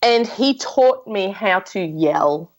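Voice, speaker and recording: A woman's voice: medium pitch, animated, slow, darkish tone, low-quality recording. A woman speaking as a podcast guest, telling her own story frankly in casual conversation, with many restarts and fillers.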